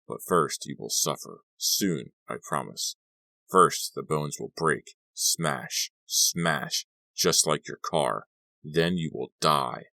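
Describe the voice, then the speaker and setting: A man's voice: low voice, fairly even intonation, fairly bright tone, dry recording, studio quality. Harsh machine-like threatening caller, as a man puts her on. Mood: menacing. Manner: slow, threatening. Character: menacing anonymous female phone caller.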